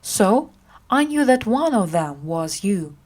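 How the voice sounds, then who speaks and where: A woman voicing a calm, clever grown knight in a storybook, reassuring and slow. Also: mid-range voice.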